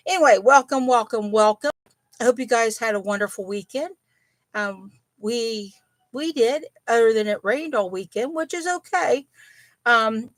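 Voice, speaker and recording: A middle-aged woman hosting a relaxed home chat, unhurried and rambling, full of ums and little apologies. Her voice has a gravelly, fry-edged texture, and the sound is close and dry with no room echo. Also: mid-range voice. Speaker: host of a yarn and crochet channel. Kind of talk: casual live chat.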